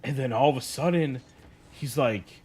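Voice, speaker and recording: A young adult man telling a casual story, animated and peppered with "like". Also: medium pitch, moderate pace, husky. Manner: animated, heavy use of "like". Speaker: streamer.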